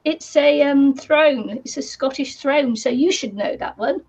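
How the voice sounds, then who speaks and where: A woman's voice: sits high, a little slow, a little mellow. A woman from England chatting casually and laughing easily on a video call. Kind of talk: casual chat. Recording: muffled lo-fi call audio.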